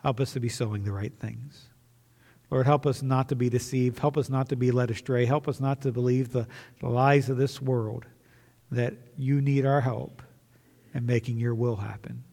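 A man's voice: medium pitch, fairly even intonation, normal speed, creaky, dark tone, in a large hall. A man preaching earnestly as a pastor, repeating key phrases and restarting mid-sentence. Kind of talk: sermon and closing prayer. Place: church sanctuary.

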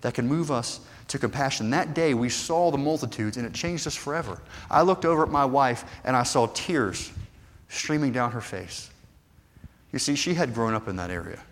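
A man preaching a sermon earnestly, moving from hushed passages to fervent, rising appeals. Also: medium pitch, animated, normal speed. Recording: long hall reverb.

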